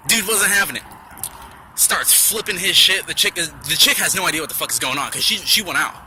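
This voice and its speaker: A young man telling a story from work in a rambling, profane, animated way, outdoors at night. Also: high-pitched, fairly quick, a little hiss or hum. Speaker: vlogger. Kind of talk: casual storytelling.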